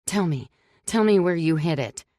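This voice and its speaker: A woman voicing a panicked woman covering up a crime, talking in frantic, shrill, breathless bursts. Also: lively intonation, normal speed, warm tone, no room sound, studio quality, lightly acted.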